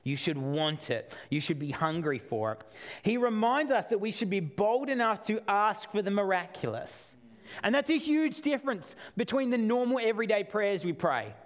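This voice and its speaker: A man's voice: high voice, sing-song, moderate pace. A middle-aged man preaching a sermon, chatty at first, then building to emphatic, repeated calls. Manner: conversational, builds to emphatic repetition. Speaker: pastor.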